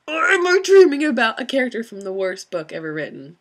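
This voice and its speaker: A young woman telling a story in a casual vlog, giggly and excitable, rambling with many restarts. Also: fairly high pitch, quick pace. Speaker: vlogger.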